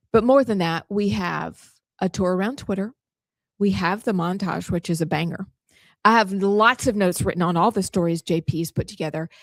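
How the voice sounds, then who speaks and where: A woman's voice: fairly low pitch, vocal fry, no echo. Middle-aged woman host, playful casual banter, dry close studio sound. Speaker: show host. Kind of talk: casual chat.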